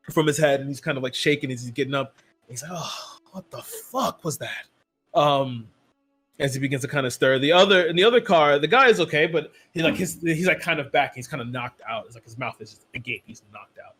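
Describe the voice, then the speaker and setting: A man's voice: on the high side, brisk, a bit bright, faint music behind. A man narrating as game master of a tabletop role-playing game, rambling and loose, with many "like" and "um" fillers.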